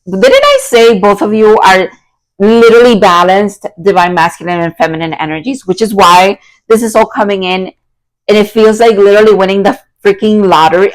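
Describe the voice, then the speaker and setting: A young woman giving a tarot card reading to her viewers, excitable and prone to loud outbursts and laughter. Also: mid-range voice, normal speed, low-quality recording. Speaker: tarot reader.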